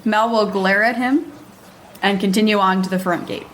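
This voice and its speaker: A woman's voice: mid-range voice, steady tone, normal speed, background noise. Direct woman playing a tabletop game. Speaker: player. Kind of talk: casual tabletop play.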